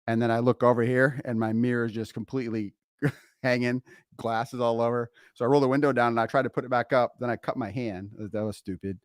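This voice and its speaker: Laughing, animated storytelling dad. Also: male voice, medium pitch, a little fast, dry recording, clean studio sound. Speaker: podcast co-host, father. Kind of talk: casual storytelling chat.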